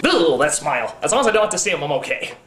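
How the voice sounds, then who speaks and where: A man giving a comedic film review, ranting and exasperated, breaking into shouts. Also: a little high, sing-song, racing, roomy sound, loud music behind the voice.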